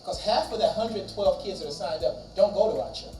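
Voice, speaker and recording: A man preaching at a chapel service, telling a long story with animated delivery and acting out the voices of the people in it. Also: sits high, fairly quick, slight background noise. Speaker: chapel speaker. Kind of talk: storytelling sermon. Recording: roomy echo from distance, faint ambience.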